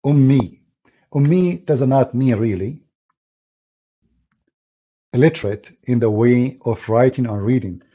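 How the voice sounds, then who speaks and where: A man's voice: medium pitch, a little slow, pauses often, mellow. A man with an Arabic accent, a native Arabic speaker, hosting a polemical live stream monologue in mocking, insulting broken English. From Middle East. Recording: dull lo-fi stream audio.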